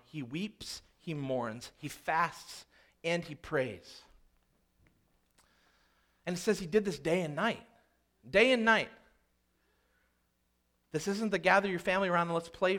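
A male pastor with a notably high voice delivers an earnest sermon. He drops to hushed, slow phrases and then surges louder and faster as he acts out prayers. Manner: earnest preaching with dramatic dynamic swings, quieting low then rising loud.

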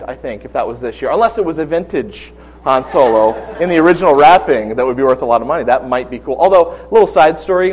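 A male pastor in his forties delivers a sermon with a slightly higher-than-usual voice. He tells personal stories with animated energy and humorous asides before turning to scripture. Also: poor audio.

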